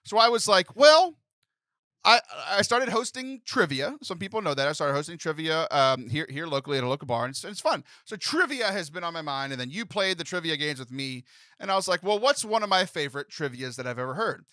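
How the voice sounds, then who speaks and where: A man in his thirties hosting a comedic podcast, jokey and animated, often laughing as he talks. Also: fairly high pitch, a little fast, no room sound. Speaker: podcast host. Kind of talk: casual comedic podcast chat.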